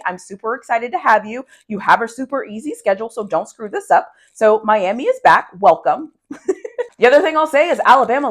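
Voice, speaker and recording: A woman giving casual, emphatic sports opinions, laughing often and repeating phrases for effect. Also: fairly high pitch. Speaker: sports commentator.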